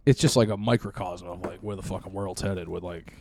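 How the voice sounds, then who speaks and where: A young man with a low, gravelly voice co-hosts a casual podcast. His tone is dark and mellow, and he rambles through stories with plenty of swearing. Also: a little fast, slight background noise. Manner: rambling, profane storytelling. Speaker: podcast co-host.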